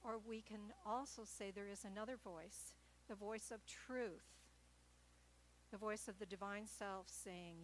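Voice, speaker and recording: A woman preaching a sermon at a church service, telling stories in a gentle, light-hearted way. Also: medium pitch, fairly even intonation, measured pace, slight background noise, rough recording. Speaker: guest speaker at church.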